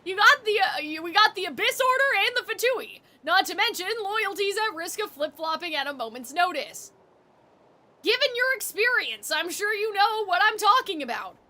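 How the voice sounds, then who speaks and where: A woman's voice: very high-pitched, sing-song, moderate pace, bright, forceful tone. A young woman streamer chatting while reading game text aloud and reacting to chat.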